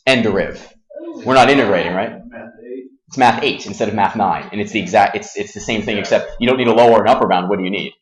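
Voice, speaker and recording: A man teaching a calculus class in a classroom, casual and self-deprecating, firing quick questions at his students. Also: on the low side. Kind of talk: classroom math lesson.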